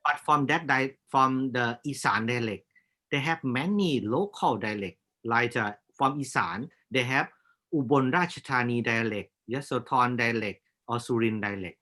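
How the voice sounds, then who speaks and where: A man from Thailand with a Thai accent, speaking as a guest lecturer in halting English with frequent filler pauses. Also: mid-range voice, pushed and bright. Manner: hesitant, many filler pauses, halting non-native English. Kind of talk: panel discussion.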